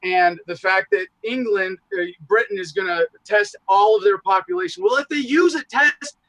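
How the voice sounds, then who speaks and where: A man in casual podcast conversation, talking in animated, profane, rambling asides. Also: high voice, moderate pace, no echo, rough recording. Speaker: podcast guest, show host.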